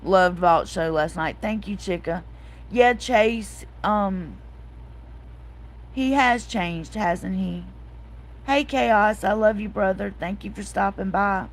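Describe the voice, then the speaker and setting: This is a woman hosting a casual livestream. She talks at an unhurried, drawn-out pace, spinning a chatty story and greeting viewers as she reads their comments. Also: medium pitch, rough recording. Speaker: host.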